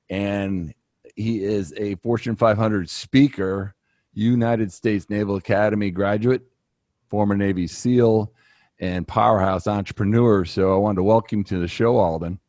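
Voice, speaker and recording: Low-voiced male podcast host. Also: steady tone, unhurried, darkish tone, dry recording, studio quality. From Massachusetts. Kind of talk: interview introduction.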